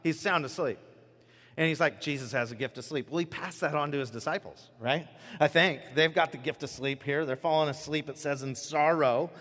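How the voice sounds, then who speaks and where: In a large hall, a pastor with a slightly high voice preaches at a moderate pace. His sermon features a lively story in which he acts out each character's voice.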